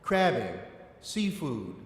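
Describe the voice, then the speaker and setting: A man's voice: medium pitch, big pitch swings, slow. A man with an Eastern Shore of Maryland accent teaching an adult church class, stressing his points with a voice that climbs and drops for emphasis. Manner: emphatic, rising and falling for stress. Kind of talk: adult education lecture. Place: church hall. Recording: echoey hall with long reverb.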